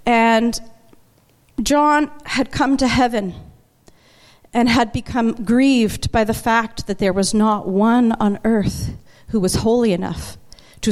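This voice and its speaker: A woman preaching a sermon to her congregation, chatty and emotional, slowing down to lean on key words. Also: medium pitch, a little mellow. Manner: conversational and emotional, slows for emphasis. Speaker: worship leader preaching. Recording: long church hall reverb.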